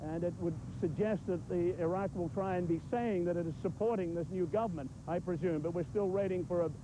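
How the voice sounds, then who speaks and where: A male war correspondent with a raised, high voice reports live from outdoors at night, pausing on fillers as he weighs his words. Heavy noise and city rumble sit under this archival broadcast recording. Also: fairly even intonation. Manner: measured, halting with fillers. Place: outdoors in a hotel garden.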